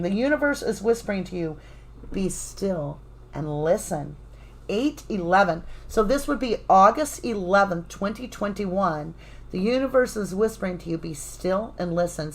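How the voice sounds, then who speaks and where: During her live tarot session, a Southern-accented woman talks affectionately with her audience and energetically roots for them. The audio quality is rough, and her voice sits in the middle range.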